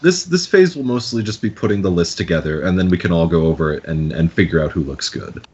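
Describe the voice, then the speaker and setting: A man's voice: sits low, lively intonation, quick pace, a little mellow, highs cut off, slight background noise. A man casually chatting as a player in an online tabletop game, matter-of-fact.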